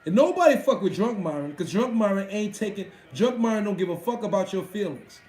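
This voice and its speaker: A man's voice: high-pitched, lively intonation, fairly quick, darkish tone, roomy sound, low-quality recording. A man hosting a live stream, chatting casually with his viewers in a profane, boastful way. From Washington D.C.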